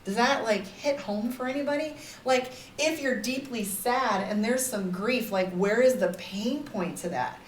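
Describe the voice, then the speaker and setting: A woman's voice: on the high side, a little slow, few pauses. Woman, life coach type, chatty live-stream host; candid and rambling, faint room noise behind her. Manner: candid, rambling, frequent "like" and "right?". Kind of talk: casual live-stream talk to viewers. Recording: roomy echo, somewhat far from the mic.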